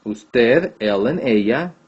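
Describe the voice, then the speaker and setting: In a dull, lo-fi recording of a classroom grammar lesson, a man teaching Spanish speaks slowly and with animation in a mid-range voice. His tone is darkish with a breathy edge, and he patiently repeats things and checks answers aloud.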